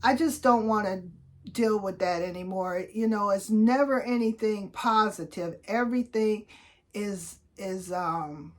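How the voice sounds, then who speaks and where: A woman's voice: mid-range voice, measured pace. A woman in her sixties, a vlogger telling everyday stories in a chatty, upbeat way and acting out the voices of people she quotes. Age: 60s. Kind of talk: casual storytelling vlog.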